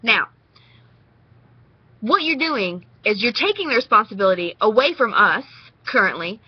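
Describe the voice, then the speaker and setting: Talking straight into the camera for a response vlog, a young Nashville, Tennessee woman with a Southern accent rambles casually in a fairly high, sing-song, husky voice at a moderate pace. The recording has no echo but the highs are cut off.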